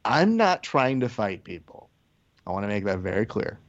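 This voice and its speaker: A man's voice: on the low side, sing-song, moderate pace, highs cut off. A man hosting a casual podcast chat, telling stories animatedly and swearing freely. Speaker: podcast host.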